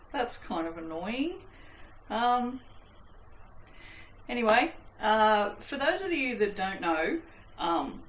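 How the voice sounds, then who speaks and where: Woman vlog host, casual rambling crafter, roomy webcam sound with faint hiss. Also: medium pitch. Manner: rambling, self-deprecating, swears lightly. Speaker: soap-making channel host.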